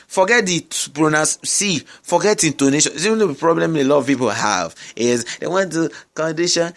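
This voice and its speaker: Man, speaking coach, emphatic, repetitive, mid-range voice. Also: mid-range voice. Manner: emphatic, repeats key phrases, frequent "I get me?" check-ins. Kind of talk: webinar teaching. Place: noisy surroundings with distractions.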